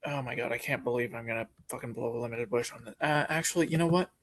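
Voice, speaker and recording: A man playing a tabletop game, talking casually and working through his choices out loud, sometimes swearing. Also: mid-range voice, quick pace. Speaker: player.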